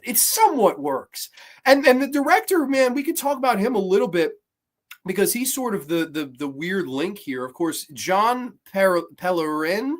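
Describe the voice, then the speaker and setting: A man hosting a horror movie review show, talking casually, swearing often and acting out scenes as he rambles through the plot. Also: high voice. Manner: animated, swears often, acts out scenes in quotes; rambling with restarts and asides. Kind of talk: casual film review podcast.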